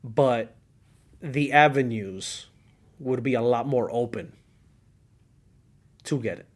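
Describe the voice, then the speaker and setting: A middle-aged man with a Cuban accent hosts a relaxed podcast chat. He tells stories with plenty of energy, laughs often and acts out what people said back then. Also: medium pitch, slow pace. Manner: animated storyteller, laughs often, acts out quotes. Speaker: podcast host. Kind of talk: casual car-scene chat.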